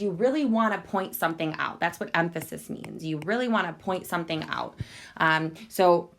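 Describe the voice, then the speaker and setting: A woman's voice: on the low side, vocal fry. A woman teacher giving a recorded online lesson, explaining each step patiently and checking in with her students again and again. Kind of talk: recorded e-learning lesson over a screen walkthrough.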